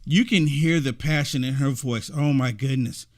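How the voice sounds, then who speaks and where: A man's voice: mid-range voice, moderate pace, darkish tone. A man giving emphatic, repetitive reaction commentary on a video clip.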